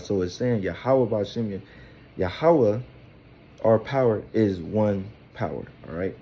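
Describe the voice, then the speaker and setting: A man's voice: fairly low pitch, lively intonation, unhurried, mellow. A man giving a loose, informal scripture lesson who keeps asking "all right?" and rambles with fillers and repeated words. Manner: tags nearly every phrase with "all right?". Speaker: Bible teacher.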